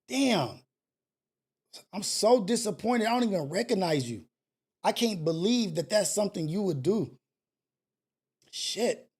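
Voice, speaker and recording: A man hosting a live call-in stream, talking casually and preachily, swinging between loud scolding and low murmurs. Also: lively intonation, a little slow, long pauses, slightly rough. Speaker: host of a live call-in show.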